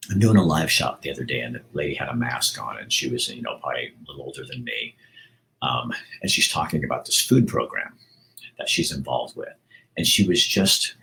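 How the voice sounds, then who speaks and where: A man's voice: extremely low pitch, gravelly, a bit bright, rough recording. A middle-aged man hosting a casual monologue, talking earnestly and rambling, with frequent restarts. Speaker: host.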